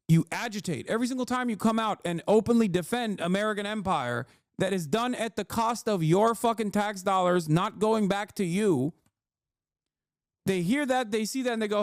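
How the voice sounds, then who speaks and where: A man's voice: high voice, expressive, normal speed, dry recording, studio quality. Heated, profane male streamer rant. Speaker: livestreamer reacting to news. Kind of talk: angry political rant.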